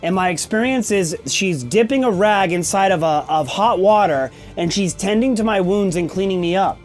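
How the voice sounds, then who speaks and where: A man's voice: sits high, lively intonation, normal speed, soft background music. A man in his forties hosting a podcast, telling a candid personal story in a blunt, emphatic way, often checking in with "okay?" and swearing casually. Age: 40s. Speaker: podcast host.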